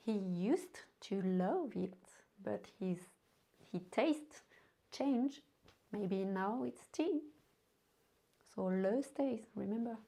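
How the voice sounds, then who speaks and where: French-accented woman, native French teacher, slow deliberate delivery, mellow tone. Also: medium pitch, expressive. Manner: slow, careful teaching with repeated example sentences. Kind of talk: language lesson.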